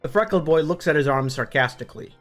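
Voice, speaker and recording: A man's voice: a little high, expressive, fast, soft background music. A man narrating a book summary for his online channel, upbeat and conversational, with the odd casual swear. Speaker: book review YouTuber.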